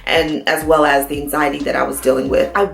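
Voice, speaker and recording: A woman's voice: sits low, level tone, fairly quick, gravelly, roomy sound. A woman vlogging to her subscribers, speaking in a casual, heartfelt way with nervous chatter and fillers. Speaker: YouTube vlogger. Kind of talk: casual heartfelt talk to camera.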